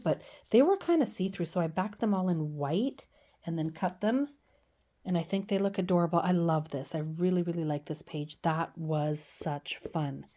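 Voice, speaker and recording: A middle-aged scrapbooking vlogger shows off her pages in a casual show-and-tell chat, gushing and poking fun at herself. Her voice is low and mellow, and her manner is chatty.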